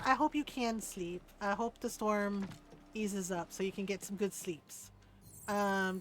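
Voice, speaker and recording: A woman's voice: mid-range voice, slight background noise. A woman streaming a game, chatting casually with lots of fillers, swearing and laughter, and sometimes reading the story text aloud. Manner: also reads game story aloud at a brisk pace. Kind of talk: casual gaming stream chat.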